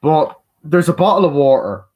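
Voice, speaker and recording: A man's voice: fairly high pitch, sing-song, normal speed, muffled recording. A man giving a casual spoken film review, rambling with lots of fillers and casual swearing. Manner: rambling, swears freely, retells scenes with heavy fillers. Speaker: movie reviewer.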